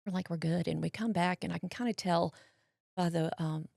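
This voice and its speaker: A middle-aged woman with a lowish, gravelly voice tells her own story as an interview guest. She acts out the voices of the people in it. The sound is close and dry. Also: a little fast, no room sound. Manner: animated storyteller acting out quotes, drawling voices. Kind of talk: personal storytelling in a podcast interview.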